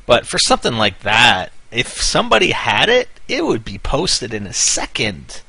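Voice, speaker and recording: A man's voice: medium pitch, huge pitch swings, normal speed, gravelly, pushed and bright, slightly rough, dry recording. A man hosting casual gaming commentary, rambling and hyper, winding himself up into a half-joking rant. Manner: rambling, mock-ranting, wound up. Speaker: gaming channel host.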